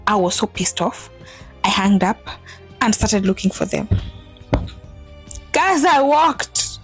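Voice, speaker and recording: A woman in her thirties tells a personal vlog story in an animated way, acting out what people said with big jumps in her voice. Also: a little slow, pauses often, soft background music. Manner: animated, acts out quotes with big pitch jumps. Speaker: vlogger telling a personal story. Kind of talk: emotional storytelling to camera.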